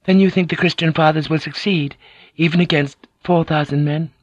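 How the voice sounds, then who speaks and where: A gentle, devoted young noblewoman, as a male storyteller puts her on, speaks softly and deferentially in a lifted register. The audio is slightly dull and lo-fi, with a dry, close sound. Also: a little high, fairly even intonation, a little fast, no room sound, pitched above the performer's own voice, natural voice. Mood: earnest, deferential. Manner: soft, pleading and deferential.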